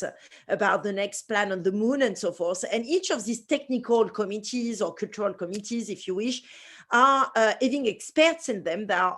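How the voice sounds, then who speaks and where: A woman with a French accent giving a lively, chatty talk at an online symposium, with many fillers and self-deprecating asides. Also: mid-range voice. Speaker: speaker.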